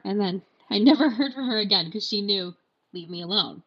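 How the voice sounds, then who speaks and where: Young woman host, lively storyteller, slightly dull lo-fi sound. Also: on the low side, a little fast. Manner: animated storyteller, acts out quotes. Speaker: podcast co-host. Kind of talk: casual storytelling chat.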